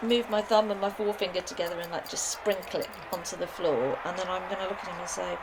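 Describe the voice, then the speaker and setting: Lively woman player, noisy room. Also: fairly low pitch, quick pace. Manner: animated, playful, laughing in character. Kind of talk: tabletop role-play.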